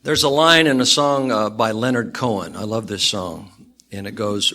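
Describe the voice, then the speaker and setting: A male minister preaching a sermon to a congregation with animated storytelling and emphatic repetition. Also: lowish voice, normal speed. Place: church with congregation.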